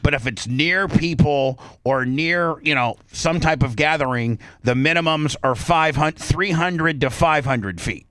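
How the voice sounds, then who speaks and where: A man's voice: fairly high pitch, unhurried, hardly any pauses, fairly bright tone, dry recording. A male radio host telling a story in a brash, profane way, acting out both sides of an argument. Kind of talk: casual storytelling on talk radio.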